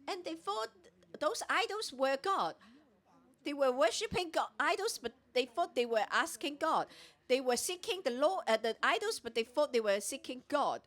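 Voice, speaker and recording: A woman preaches at a morning prayer gathering, teaching a scripture passage verse by verse and giving voice to the characters as she retells it. Her high voice is expressive and a bit bright, with wide pitch swings at a moderate pace.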